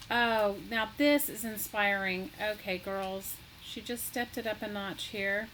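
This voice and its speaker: A woman's voice: mid-range voice, takes it slowly, a bit bright, a little hiss or hum, rough recording. A woman hosting a casual live crafting stream, chatty and greeting viewers by name, gushing with delight. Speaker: craft livestream host.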